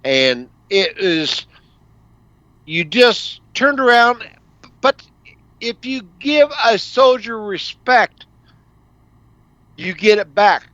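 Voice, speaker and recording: A middle-aged man speaks in a slow, unhurried, fatherly way, with a slightly raised pitch. The recording sounds dull and dry, with little room sound. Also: lively intonation, pushed and bright, no room sound. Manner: slow, plain-spoken, fatherly. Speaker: guest, army veteran. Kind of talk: casual chat.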